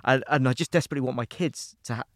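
A man hosts a podcast with a mid-range voice, asking relaxed questions with a few jokes along the way. The sound is dry and close to the mic. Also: medium pitch, racing, dry recording. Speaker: podcast host. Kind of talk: casual interview chat.

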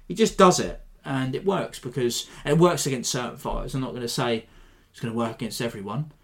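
A man hosting a podcast, giving a rambling, animated breakdown of a fight in a self-deprecating way. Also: mid-range voice, brisk. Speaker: podcast host. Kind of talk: casual fight analysis.

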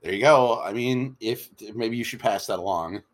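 A man's voice: mid-range voice, moderate pace. A man co-hosting a podcast in loose, rambling casual chat, often repeating words as he restarts. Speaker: podcast co-host.

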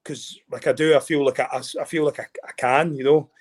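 A Scottish man, a former rugby player, chatting as a guest, excitable and animated, often repeating and restarting words. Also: medium pitch, fairly quick. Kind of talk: casual chat.

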